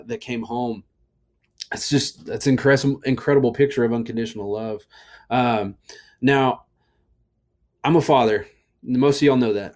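A man's voice: mid-range voice, darkish tone. A young adult man giving a casual sermon as a youth pastor, chatty and full of asides and fillers.

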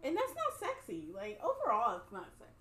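A woman's voice: very high voice, wildly swooping pitch, brisk, vocal fry, sharp tone, roomy sound. A woman in a casual movie chat who chimes in to correct details and criticize the plot. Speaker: podcast co-host.

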